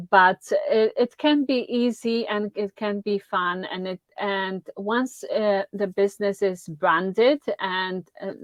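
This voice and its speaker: A woman with a mixed international accent talks as a guest in a live online interview. She speaks slowly and hesitantly, with many fillers. The sound is dry and close. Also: mid-range voice, no echo. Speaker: guest, brand consultant.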